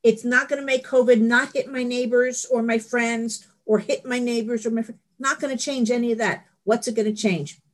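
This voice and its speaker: A woman's voice: a little high, fairly even intonation, normal speed, few pauses. A middle-aged woman giving a candid, rambling personal share at a support meeting, laughing at herself. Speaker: recovery meeting speaker.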